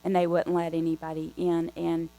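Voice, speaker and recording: A woman guest preacher telling a story in a conversational, animated way from the pulpit. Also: fairly low pitch, moderate pace, creaky, poor audio. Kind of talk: storytelling sermon. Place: church sanctuary.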